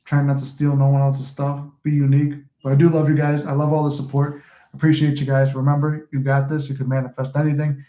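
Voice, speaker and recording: A man's voice: mid-range voice, monotone, brisk, mellow, reverberant. A man who coaches manifestation, giving a casual, rambling motivational talk to camera and swearing now and then.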